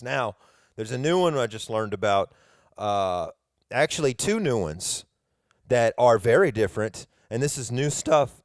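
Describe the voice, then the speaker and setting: A man's voice: lowish voice, clean tone, dry recording, clean studio sound. A middle-aged man with a Southern US accent, hosting a podcast in a rambling, chatty, self-deprecating monologue. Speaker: podcast host.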